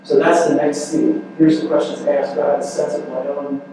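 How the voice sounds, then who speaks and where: A man's voice: on the high side, little pitch movement, fairly quick. A man speaking as a counselor at a relationship workshop, talking in a loose, conversational way, repeating words and often asking "right?". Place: large room at a church youth ministry event. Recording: echoey hall from far off, faint noise.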